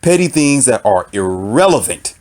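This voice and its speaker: A man's voice: mid-range voice, sing-song, moderate pace, darkish tone. A man delivering an impassioned opinion monologue, emphatic and repetitive, almost preaching. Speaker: author and commentator.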